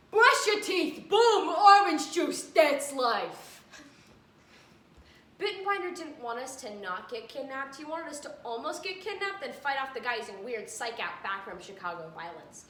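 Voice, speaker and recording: High, animated woman doing stand-up. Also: brisk, few pauses, slight background noise. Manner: animated, jumping into character voices. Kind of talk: stand-up comedy routine. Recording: echoey room, mic far off.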